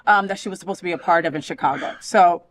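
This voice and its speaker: A woman's voice: lowish voice, fast. A woman from New Jersey hosting a show in casual, joking chat. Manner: chatty, joking, bubbly. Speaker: host.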